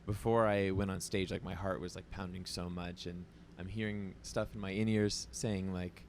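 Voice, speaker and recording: A man's voice: low voice, little pitch movement, normal speed, slight background noise. A man being interviewed backstage in a festival trailer, talking in a chatty, casual way with lots of "like" and frequent restarts.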